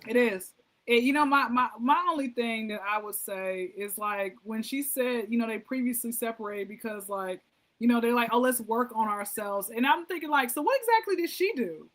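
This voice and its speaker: High-pitched emphatic woman podcast host. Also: normal speed, rough recording. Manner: emphatic, questioning, lively asides. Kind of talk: casual chat.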